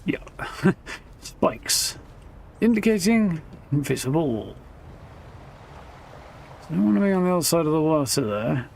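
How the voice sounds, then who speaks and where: A man's voice: a little high, sing-song, measured pace, vocal fry, pauses often, a little mellow, a little hiss or hum. A man giving casual, wry commentary while live-streaming a video game. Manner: wry, chatty, self-mocking.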